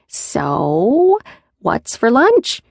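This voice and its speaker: A woman voicing a small, cheeky male creature who is always hungry and talks in a high, whiny, pleading way. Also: huge pitch swings, extremely slow, gravelly, a little mellow, no echo, clean studio sound, heavily acted.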